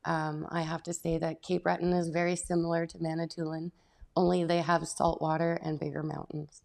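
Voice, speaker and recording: Very low, gravelly woman guest. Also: flat delivery, brisk, a little mellow. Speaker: interview guest. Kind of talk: casual interview chat. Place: indoor arts creation center.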